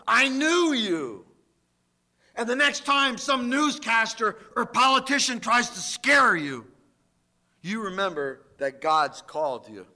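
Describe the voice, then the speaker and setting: High-voiced male pastor, slow and emphatic delivery, bright tone, sermon in church. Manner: emphatic, dramatic swings in loudness. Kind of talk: sermon with scripture reading.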